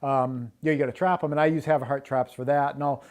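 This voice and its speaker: A man's voice: mid-range voice, fairly even intonation, fast talker. A man who is a homesteading guest, explaining his projects in an easygoing, casual interview. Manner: easygoing, explanatory, many fillers.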